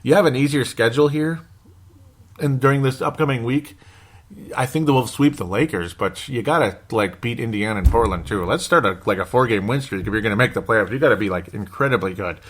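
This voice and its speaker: A man's voice: mid-range voice, fairly quick, fairly bright tone. A man hosting a casual sports fan podcast, rambling and chatty as he reads out listener comments. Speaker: podcast host.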